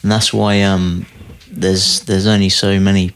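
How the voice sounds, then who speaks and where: Deep-voiced laid-back young fighter. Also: male voice, level tone, a little slow, clear, resonant tone. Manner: laid-back, often says "man", laughs easily. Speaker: MMA fighter guest. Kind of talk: casual podcast chat.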